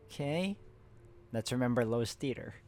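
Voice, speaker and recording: Hosting a co-op puzzle game playthrough, a man reads in-game letters aloud plainly and casually, breaking off to chat and laugh with a friend. His medium-pitched voice has lively intonation, normal speed, and a slightly mellow tone, with a little hiss or hum.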